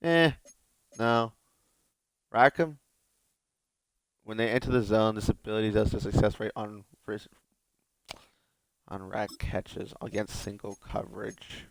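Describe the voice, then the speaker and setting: A man's voice: on the low side, steady tone, unhurried, vocal fry, long pauses, no echo. A young adult man giving casual gameplay commentary as a video host, talking to himself in a joking, rambling way. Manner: joking, rambling self-talk.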